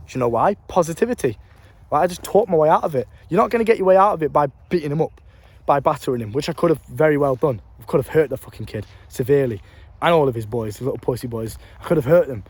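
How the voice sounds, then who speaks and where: Young English man, rapid and slightly high-pitched, blunt and sweary, filming on his phone. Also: darkish tone, breathy edge, dry recording. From England. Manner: blunt, profane, emphatic with street slang. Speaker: vlogger. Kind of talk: casual storytelling advice.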